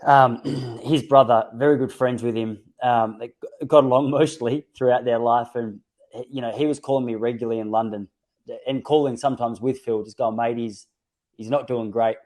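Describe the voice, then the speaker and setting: Mellow-voiced man, reflective. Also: medium pitch, fairly even intonation, moderate pace. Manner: reflective, storytelling with many restarts. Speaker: podcast host. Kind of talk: casual conversation.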